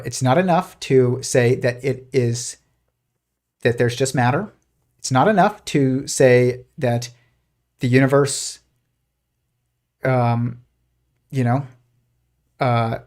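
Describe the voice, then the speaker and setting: A man hosts a live stream at a middle pitch. He talks in loose, rambling stretches, stopping and restarting often, and he sounds argumentative and dismissive. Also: darkish tone. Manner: rambling, with frequent restarts and fillers. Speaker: host.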